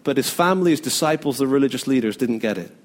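A man's voice: mid-range voice, lively intonation, quick pace. A man preaching a sermon in a casual, conversational way, often acting out the people he quotes. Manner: conversational, acts out quoted speech. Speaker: pastor.

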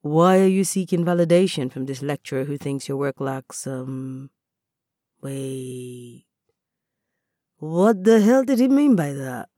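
A woman's voice: sits low, lively intonation, takes it slowly, mellow, no echo, clean studio sound. Woman voicing a laid-back young male artist, playful. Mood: teasing. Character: teasing easygoing young male artist friend. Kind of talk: storybook reading.

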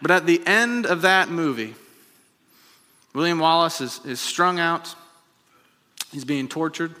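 Bright-voiced pastor in a ringing hall. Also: male voice, fairly high pitch, lively intonation, a little slow. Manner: builds to emphatic repeated refrains, then drops to chatty asides. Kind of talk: sermon. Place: church sanctuary. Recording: long reverb of a large hall.

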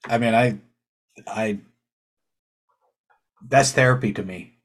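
A man in his fifties hosting a podcast, chatting casually in a laid-back, halting way. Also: medium pitch. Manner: laid-back, halting, short agreeing replies. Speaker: podcast host, truck driver.

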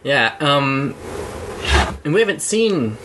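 A man's voice: fairly high pitch, big pitch swings, slow pace, background noise. A man co-hosting a podcast in casual chat, rambling and searching for words. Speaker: podcast co-host.

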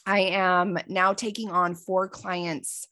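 A life coach in her forties tells a personal story on her own podcast, earnest and heartfelt, with pauses and fillers. Her voice sits on the low side, bright and forceful, though her delivery is flat.

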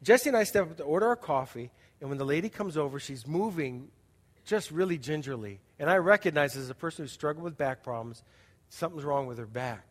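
A man preaches from the pulpit with a fairly high voice, turning his sermon into a relaxed story and checking in with the congregation as he goes. His words ring out with a long reverb through a large church sanctuary. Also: fairly quick. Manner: conversational storytelling with audience asides. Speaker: pastor.

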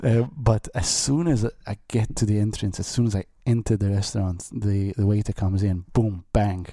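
A man from Malta co-hosts a podcast in easygoing chat, looping back over his words as he tells a story. His voice sits low and mellow. The sound is dry and close. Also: steady tone, normal speed, no room sound. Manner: chatty storyteller, repeats words while thinking. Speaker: podcast co-host. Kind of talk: casual chat.

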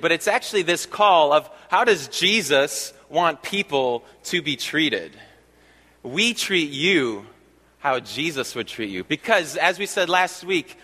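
A man preaching in a church, his bright voice sitting a little high for a man. He talks in a relaxed, conversational way with fillers, then slows right down to press key phrases home. The room adds a long hall reverb behind every word. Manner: conversational preaching with fillers and slow emphatic repeats. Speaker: pastor. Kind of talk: sermon. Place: church sanctuary.

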